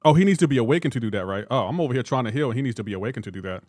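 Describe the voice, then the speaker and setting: A young man live-streaming a mobile game, joking back and forth with his chat in a casual, animated way. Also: mid-range voice, very fast, no echo, studio quality.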